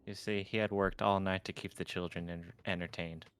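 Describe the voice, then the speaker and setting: A man's voice: low-pitched, flat delivery, brisk, a bit bright, clear, resonant tone. A man playing in a tabletop game, making dry, wry remarks. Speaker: player.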